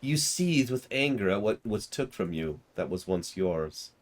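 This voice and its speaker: Man voicing a deep, menacing, slow-talking game villain who gloats over his plans. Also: very animated, soft background music. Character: sinister scheming male villain, menacing and slow.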